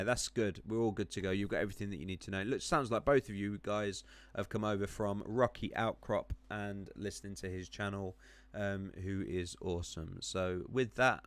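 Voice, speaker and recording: A man's voice: lowish voice, fairly even intonation, fairly quick, hardly any pauses, no echo. A man running a live stream on crypto charts, chatting with viewers, rambling with many ums and self-corrections while clicking around.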